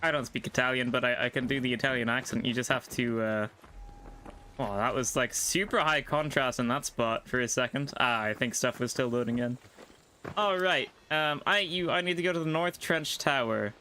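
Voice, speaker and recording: Rambling and thinking out loud at his desk mic, a man gives casual live commentary as he streams a game. He talks fairly quickly in a pushed, bright mid-range voice, and there's a slight hiss or hum.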